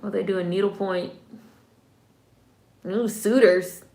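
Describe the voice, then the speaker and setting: Vlogger, woman; casual wry reaction talk, medium pitch, roomy echo. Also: fairly even intonation, slow, gravelly, dark tone. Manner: chatty, wry asides with slang. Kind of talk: casual movie-watching commentary.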